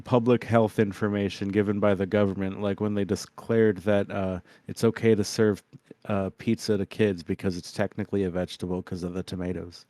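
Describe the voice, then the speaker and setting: A man's voice: on the low side, little pitch movement, a little fast, mellow, dry recording. A man in casual chat with friends, rambling and crude, with many fillers.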